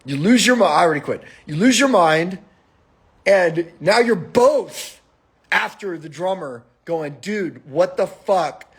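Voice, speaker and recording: A man hosts a casual, swearing podcast chat and acts out stories with a gravelly edge. His voice sits a bit high for a man and has a husky grain. When he gets worked up, his pitch climbs sharply toward a shout. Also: a little slow. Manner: animated storytelling, swearing, rises to shouts. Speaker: podcast host.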